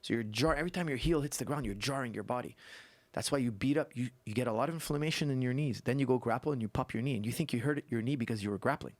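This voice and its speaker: A man who is a guest coach on a podcast, telling stories and explaining technique in an animated way that repeats points for emphasis. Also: mid-range voice, racing, dry recording. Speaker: guest martial arts coach. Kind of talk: casual podcast conversation.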